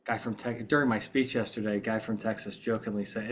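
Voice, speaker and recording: A man's voice: fairly low pitch, fairly even intonation, fast, few pauses, slightly rough. A middle-aged American man hosting a podcast in casual chat, groggy from just waking up, rambling and chatty with many restarts. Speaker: podcast host.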